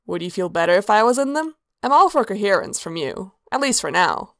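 A woman voicing a smug, carefree male demon prince of indulgence in a breezy, teasing tone, pitched well above her narrating voice, in a storybook reading. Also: sing-song, fairly quick, a bit bright, no room sound, clean studio sound.

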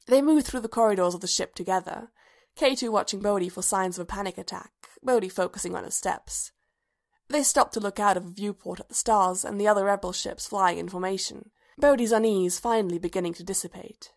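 A woman reading fan fiction aloud in steady, measured narration. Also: mid-range voice. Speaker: reader.

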